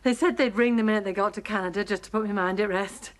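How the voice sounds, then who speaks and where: A woman's voice: medium pitch, steady tone, fast talker, lightly acted. An actress playing a flustered mother anxiously waiting by the phone in a television soap, fretful and short with people. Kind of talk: 1980s television soap acting.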